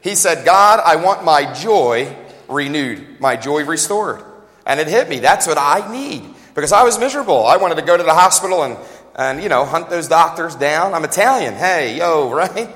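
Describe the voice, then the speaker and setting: A man preaching a sermon as a pastor, talking fast and joking in a conversational way, recorded with long hall reverb in a church. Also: a little high, animated, a bit bright. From United States.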